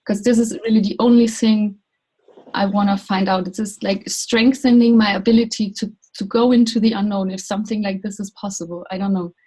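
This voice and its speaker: Halting woman on a video call. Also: mid-range voice, fairly even intonation, a little mellow, slightly rough, rough recording. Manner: searching, halting, repeats words. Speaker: course participant. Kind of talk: self-introduction on video call.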